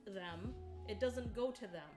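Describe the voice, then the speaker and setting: Exasperated woman co-host over music. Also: mid-range voice. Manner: exasperated, quick retelling with many "like"s. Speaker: co-host of a stream. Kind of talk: casual storytelling chat. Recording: music playing clearly behind.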